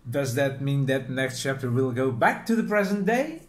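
A man hosting a casual reaction video, talking in a chatty, animated way and often restarting his sentences. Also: medium pitch, normal speed, few pauses, slight background noise. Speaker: manga reaction video host. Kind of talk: casual commentary.

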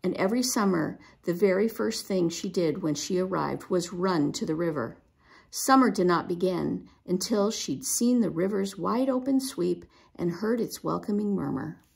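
Gravelly woman reading a storybook. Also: on the low side, expressive, moderate pace. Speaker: storybook reader. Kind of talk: reading a children's book aloud.

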